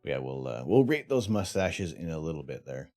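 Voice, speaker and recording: A man's voice: extremely low pitch, big pitch swings, normal speed, a little mellow, soft background music. A man from Canada hosting a casual charity livestream, chatty and teasing, laughing often. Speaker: stream host.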